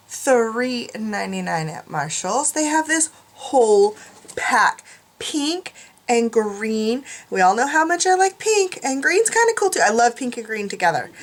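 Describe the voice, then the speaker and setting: A middle-aged woman talking casually to her viewers, chatty and rambling with a self-mocking streak. Her voice sits a little high for a woman. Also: fairly bright tone. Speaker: craft vlogger. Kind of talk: casual chat.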